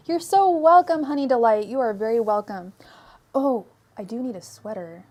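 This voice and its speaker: A woman's voice: a little high, brisk, a little mellow. A young woman hosting a tarot-reading livestream, chatting casually with lots of fillers and giggles. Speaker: tarot reader livestream host.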